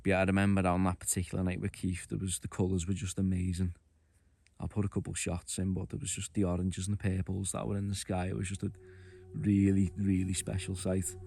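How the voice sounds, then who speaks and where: A man talking reflectively and relaxed to camera at a mountain camp at night. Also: deep voice, brisk, creaky, slightly rough. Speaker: camping vlogger. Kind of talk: quiet night-time chat to camera.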